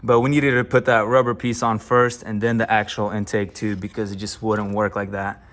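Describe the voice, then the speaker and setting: Working in his garage, this car build vlogger keenly narrates the rebuild step by step in a relaxed way. He has a lowish, fairly bright voice, a level tone, and a normal pace, while background music plays.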